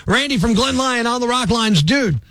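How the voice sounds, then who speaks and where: A man hosting a morning radio call-in show, talking quickly and joking, sometimes working himself up into a rant. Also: extremely high pitch, animated, sharp tone, no room sound. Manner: quick, jokey, worked up. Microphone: studio microphone.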